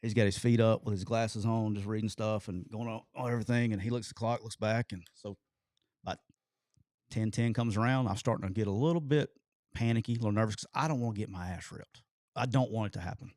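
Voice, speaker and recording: Animated storyteller man. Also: fairly low pitch, quick pace, no echo, clean studio sound. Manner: animated storyteller, swears casually. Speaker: co-host telling a coaching story. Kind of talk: casual storytelling chat.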